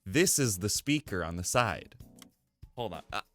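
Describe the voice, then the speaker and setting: This male streamer talks at a measured pace, his bright voice ranging widely in pitch while he rambles, curses a little and jokes at his own expense. He's chatting casually from home on a desk microphone fed through a mixer, with faint music in the background.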